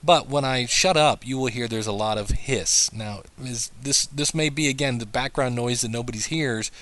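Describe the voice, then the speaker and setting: A man's voice: medium pitch, normal speed, a bit bright. A man casually demonstrating and testing cheap microphones as a podcast teacher. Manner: conversational, testing gear aloud.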